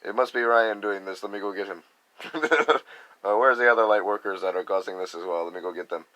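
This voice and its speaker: A man's voice: fairly low pitch, brisk, pushed and bright, rough recording. A man giving a rambling, casual spiritual talk, acting out other people's reactions in quoted voices. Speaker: spiritual speaker.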